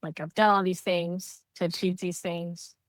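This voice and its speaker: A woman co-hosting a podcast, talking candidly in casual heartfelt chat, animated when she quotes others. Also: on the low side, normal speed, no echo, clean studio sound. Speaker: podcast co-host.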